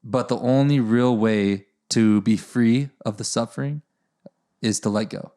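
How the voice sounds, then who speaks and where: A man's voice: mid-range voice, measured pace, mellow. Thoughtful male host, casual storytelling tone, mid-range voice. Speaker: podcast host. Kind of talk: casual conversation.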